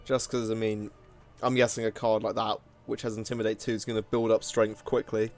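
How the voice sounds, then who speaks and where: A man's voice: fairly low pitch, little pitch movement, brisk, faint music behind. Chatty man playing a card game. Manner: chatty and self-mocking, breaks into laughs. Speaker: gaming video host. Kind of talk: casual gameplay commentary.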